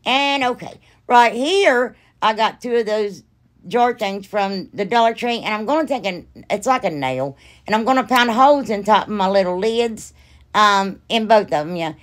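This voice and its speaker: A woman's voice: medium pitch, normal speed. A woman hosting a craft channel, narrating her project in a chatty, rambling way and gushing with enthusiasm. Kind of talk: casual craft tutorial narration.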